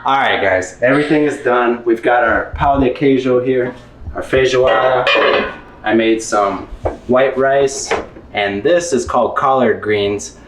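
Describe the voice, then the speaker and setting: A man's voice: mid-range voice, unhurried, echoey room, background noise. A man hosting a casual cooking vlog, cheerfully talking viewers through a recipe in his home kitchen. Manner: upbeat, addresses viewers directly.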